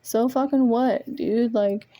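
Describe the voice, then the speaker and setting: A woman rambles through a frustrated, swear-heavy vent to her phone camera, breaking into self-mocking laughs. Her voice sits a little high but sounds mellow and soft-edged. It is a casual home recording made on a propped-up phone. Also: steady tone, slow pace. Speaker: vlogger. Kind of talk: casual venting monologue. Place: indoors at home among art supplies. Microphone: phone propped nearby.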